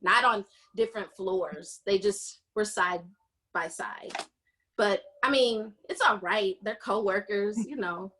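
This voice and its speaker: A woman hosting a podcast, casually recapping a romance novel and acting out the characters' lines with animated storytelling. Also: mid-range voice, slow, a little hiss or hum. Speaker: podcast host. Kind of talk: casual book recap chat.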